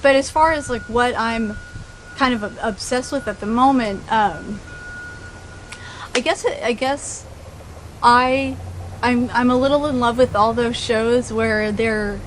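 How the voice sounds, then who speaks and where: A woman's voice: on the high side, a little hiss or hum, poor audio. A woman chatting casually to camera, rambling and gushing, with lots of fillers and restarts. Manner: gushing and excitable about favorite shows. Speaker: video blogger.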